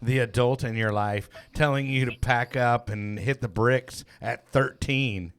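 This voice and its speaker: A man co-hosting a podcast in casual chat, supportive, with quick backchannels and easy laughter. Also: medium pitch, fairly bright tone, clear, resonant tone. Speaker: podcast co-host.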